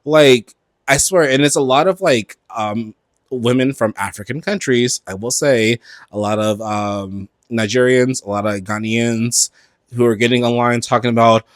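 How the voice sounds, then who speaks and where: A man hosts his podcast from home, running through pop-culture gossip with plenty of swearing and loose fillers. His voice sits at an ordinary pitch and is recorded close and dry, with almost no room sound. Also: normal speed, no echo. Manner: animated, gossipy and profane, with frequent fillers. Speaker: podcast host. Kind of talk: casual pop-culture commentary.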